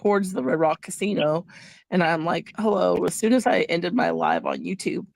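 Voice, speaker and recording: Gravelly-voiced woman telling a personal story. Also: fairly low pitch, normal speed, dry recording. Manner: animated storytelling, acts out quoted voices. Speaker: host. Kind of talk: casual chat about personal loss.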